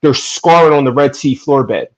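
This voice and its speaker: A man from New Jersey talking earnestly and emphatically in a casual podcast chat, making his case with animated bursts. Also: mid-range voice, normal speed. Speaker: podcast guest. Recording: dull lo-fi audio.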